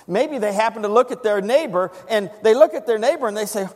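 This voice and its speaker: A man preaching a sermon, building to dramatic shouts when he quotes scripture. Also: high-pitched, big pitch swings, a little fast, hardly any pauses. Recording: long reverb of a church hall.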